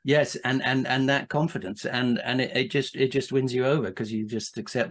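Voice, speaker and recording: A man's voice: medium pitch, fairly even intonation, moderate pace, few pauses. Man telling a rambling anecdote. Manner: rambling, many restarts and asides, laughs while telling. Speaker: podcast guest. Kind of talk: casual anecdotal storytelling.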